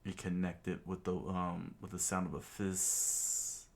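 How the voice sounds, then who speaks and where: A man reading a comic aloud in a casual way, halting with restarts and fillers. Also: sits low, level tone, vocal fry. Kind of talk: casual comic read-along.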